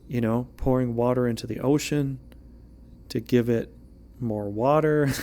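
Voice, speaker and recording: A man's voice: medium pitch, darkish tone. A man giving a casual, rambling tarot reading as an amateur reader, joking and restarting his sentences as he goes.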